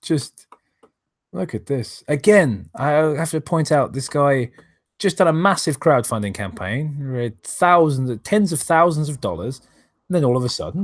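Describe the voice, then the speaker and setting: A man's voice: a little high, lively intonation, a little slow, no room sound. A man reading aloud and commenting on a live stream, exasperated, sarcastic and swearing often, who stops now and then to thank viewers for donations.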